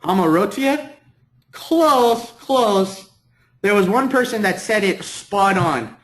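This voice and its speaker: Lively high-voiced male teacher, echoey room. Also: slow pace. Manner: encouraging, repeats words for the class. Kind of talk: classroom lecture. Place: classroom. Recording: echoey classroom.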